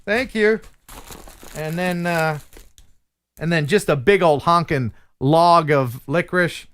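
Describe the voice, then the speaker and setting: A man's voice: on the high side, slow, a bit bright. A man hosting a live stream in a casual, jokey way, reading viewer mail aloud and laughing at himself. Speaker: host.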